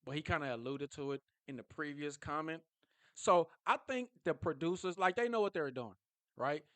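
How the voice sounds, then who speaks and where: A man talking casually and excitably as a football fan vlogger, jumping from low mutters to high yelps. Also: moderate pace, dry recording. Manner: animated, excitable, swings from low mumbling to high shouts.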